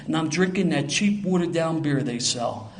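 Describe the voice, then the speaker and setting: A man's voice: a little high, animated, normal speed, slight background noise. An older man from Philadelphia with a Philadelphia accent, telling a self-mocking, streetwise story to a live audience.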